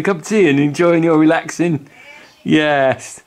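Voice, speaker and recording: A man's voice: on the high side, measured pace. A man hosting a casual cooking vlog at home, chatty and jokey as he bosses the kids along. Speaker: host. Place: home kitchen. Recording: noisy home recording.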